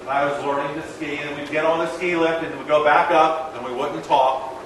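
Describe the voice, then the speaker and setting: A motivational speaker from the American South, his voice a little high and fairly quick, gives a storytelling keynote, acting out dialogue with animation. He sounds distant and echoey, recorded in a hall on a far-off mic with slight hiss or hum.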